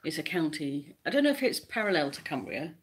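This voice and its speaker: Low husky english woman, rambly co-host, lots of ums. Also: sing-song, a little fast. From England. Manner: rambling, explains with hesitations. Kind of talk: casual chat.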